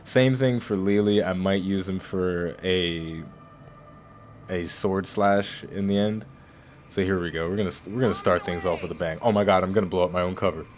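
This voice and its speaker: Speaking in a deep voice at a moderate pace, a man hosts a casual let's-play of a video game, with a bit of hiss or hum in the audio. He chats and rambles, often starting his sentences over.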